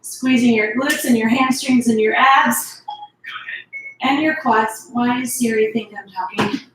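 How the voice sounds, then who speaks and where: A woman's voice: on the high side, measured pace, recorded from a distance, over music. A woman leading a workout, encouraging and chatty as she counts reps and sighs between sets. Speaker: fitness instructor. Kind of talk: workout instruction. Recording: echoey room, voice from off-mic.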